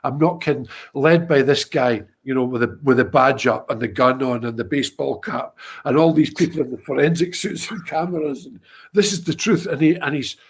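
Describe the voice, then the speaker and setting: A Scottish man telling a lively anecdote in casual conversation, with frequent restarts. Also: mid-range voice, brisk, creaky, breathy edge. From Scotland. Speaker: guest musician. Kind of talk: anecdote told in casual chat.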